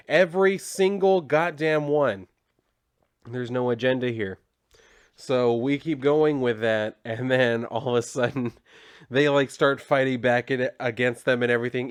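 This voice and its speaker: A man's voice: mid-range voice, unhurried, clean tone, no echo, studio quality. Sarcastic, rambling male comic reviewer. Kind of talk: casual recap.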